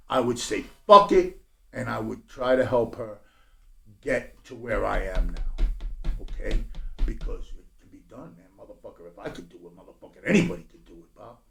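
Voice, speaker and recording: A middle-aged man telling his life story bluntly as a podcast guest, profane and swinging from low mutters to loud bursts. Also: creaky. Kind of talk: candid personal storytelling. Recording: roomy echo.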